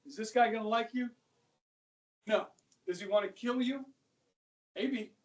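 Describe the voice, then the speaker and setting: A male high school history teacher giving an animated classroom lecture, talking straight to his students and dropping to a whisper for asides. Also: a little slow. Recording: voice from a distance across a classroom.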